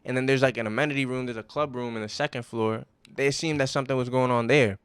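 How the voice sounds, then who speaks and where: A man, co-hosting a podcast and telling profane, animated work stories full of slang. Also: medium pitch, quick pace, clear, resonant tone, no echo. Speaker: podcast co-host. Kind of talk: casual chat, storytelling.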